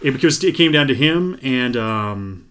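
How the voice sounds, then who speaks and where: A man's voice: medium pitch, expressive, moderate pace, fairly bright tone, smooth, soft background music. Laid-back Midwestern American man. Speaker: podcast co-host. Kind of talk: casual sports chat.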